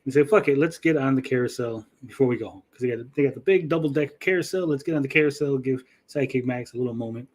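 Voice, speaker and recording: Middle-aged guy hosting a chat show, mid pitch, cussing a lot and acting out quotes. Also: fast, few pauses. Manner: profane, animated storyteller acting out quotes. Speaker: podcast host. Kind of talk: casual storytelling chat.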